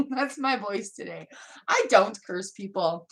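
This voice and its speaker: A woman's voice: medium pitch, animated, unhurried, gravelly, a bit bright. A woman giving a live tarot reading, chatting casually and laughing often. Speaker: tarot reader.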